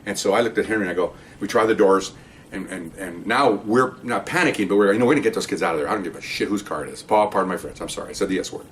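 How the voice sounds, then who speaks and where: An older man with a lowish voice rattles through a story from his years as a police officer. He talks fast and rambles, with restarts and "okay?" asides to the listener. He sits a bit back from the microphone, with a faint hiss behind him. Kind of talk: casual spoken storytelling. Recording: distant mic with faint background hiss.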